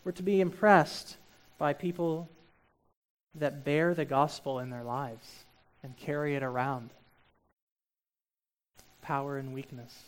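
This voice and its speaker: A male pastor preaching a sermon, shifting between quiet, reflective asides and loud, emphatic stretches. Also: medium pitch.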